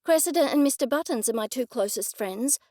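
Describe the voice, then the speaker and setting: A woman's voice: a little high, expressive, brisk, warm tone, no echo, clean studio sound, close to an everyday voice. A woman narrator voicing an indignant middle-aged woman amateur sleuth who answers in a defensive, snappish way.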